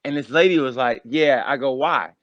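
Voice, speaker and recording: A man, a guest comedian, chatting casually on a podcast with high, animated energy, telling stories. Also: normal speed, dry recording, lo-fi sound.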